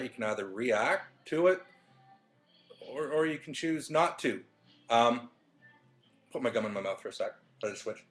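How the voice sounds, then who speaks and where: A man talking casually into his webcam in his living room, telling a motivational story with plenty of fillers and restarts. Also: fairly high pitch. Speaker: vlogger.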